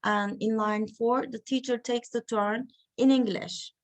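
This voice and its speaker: A woman giving an academic reading session, talking slowly and haltingly with many fillers. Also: fairly high pitch, fairly even intonation. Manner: slow, halting delivery with frequent fillers. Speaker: lecturer.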